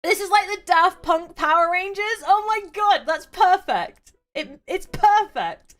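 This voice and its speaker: A woman's voice: animated, unhurried, a bit bright. A woman streaming a game, chatty and playful, reading story text aloud to her chat. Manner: chatty and playful, reads with varied pitch.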